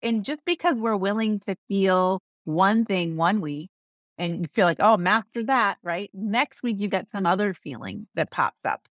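A woman business coach talking as a podcast guest, animated, acting out quick voices and often asking "right?". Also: medium pitch, no echo, studio quality. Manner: animated, acts out voices, asks rhetorical "right?". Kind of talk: podcast interview.

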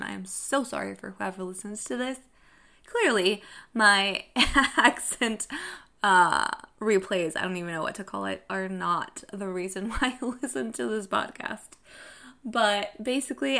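A young woman from Mexico hosting a podcast, talking in a chatty, animated, self-deprecating way. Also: mid-range voice. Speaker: podcast host. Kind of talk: casual monologue.

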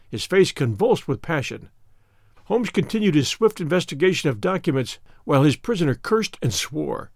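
Lively man narrating a classic story. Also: fairly high pitch, brisk, no room sound, studio quality. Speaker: audiobook narrator.

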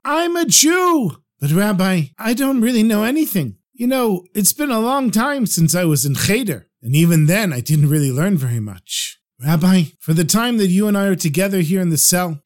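An earnest, repentant thief pours out his confession in a heartfelt, pleading tone, as a storyteller puts him on. His voice sits fairly high for a man. It sounds like an audio storybook.

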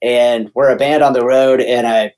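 A man's voice: medium pitch, normal speed. A man in a casual chat, telling a story from touring with his band, acting out the people he quotes and often restarting his sentences. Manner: animated storyteller, acts out quoted voices, frequent restarts.

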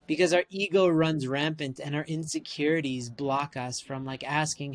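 A Canadian man in his forties, chatting casually and telling animated stories as host, with lots of "like" and "right?". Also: on the high side, brisk, hardly any pauses. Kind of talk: casual chat.

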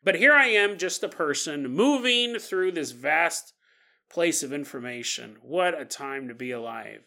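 A man's voice: a little high, animated, pushed and bright, full character voice. A man playing a pompous college student musing. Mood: grandiose. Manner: slow, pompous monologue. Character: grandiose young male college student, pompous.

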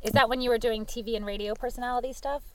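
A woman's voice: on the high side, steady tone, rapid-fire, a little mellow. A woman interviewing a guest, asking direct and probing questions. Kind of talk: conversational interview. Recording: distant mic with crowd noise.

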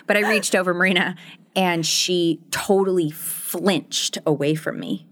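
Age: 30s. Sex: woman. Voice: low and candid. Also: a little slow, a bit bright, no room sound, studio quality. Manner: candid, chatty, laughs often, many fillers. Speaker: podcast co-host. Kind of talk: casual conversation.

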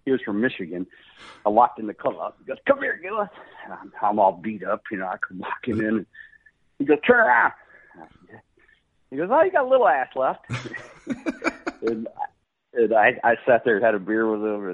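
His pitch fairly low with a breathy edge, a middle-aged pro golfer spins a casual story. Animated and quick to laugh, he performs each quote, and the recording has the quality of a phone-like radio line.

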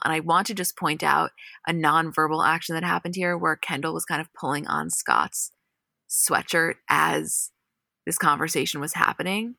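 A woman with a low, gravelly voice and a bright, forceful edge, talking close to a dry mic. She recaps scenes in a candid, profane, animated way, like a chatty podcast co-host. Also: normal speed, dry recording. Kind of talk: casual recap chat.

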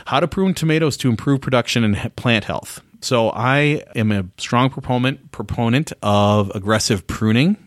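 A man's voice: mid-range voice, normal speed, hardly any pauses, no echo, clean studio sound. A man hosting a casual solo podcast, talking conversationally and asking his listeners rhetorical questions. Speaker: podcast host.

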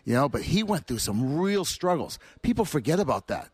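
A man's voice: on the high side, moderate pace, slightly rough, no echo. Guy telling old locker room stories, really dry close sound, acts out the quotes. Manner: animated storyteller acting out quotes. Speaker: guest, former teammate. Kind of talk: anecdotal storytelling.

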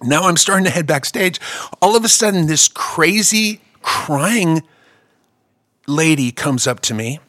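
A comedian man tells a story in relaxed conversation, his voice ranging widely and sounding crisp and bright. He jumps between loud bursts and low, muttered asides. The sound is dry and close. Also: measured pace, no room sound. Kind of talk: casual storytelling chat.

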